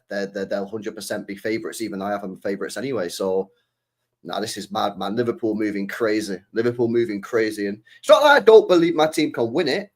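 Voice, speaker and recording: Brief: man, mid-pitched co-host, relaxed slangy football chat with plenty of hesitation. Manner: laid-back, slangy, hesitant. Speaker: podcast co-host.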